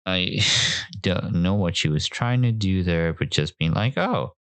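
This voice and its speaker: A man's voice: sits low, unhurried, clear, resonant tone, dry recording. A man hosting a podcast, giving casual commentary in reaction to clips, with sarcastic joking asides. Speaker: podcast host.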